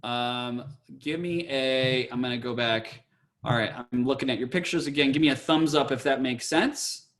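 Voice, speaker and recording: A man's voice: medium pitch, moderate pace, a bit bright. A man teaching a cantor's class on a video call, chatty and playful, slipping into chant.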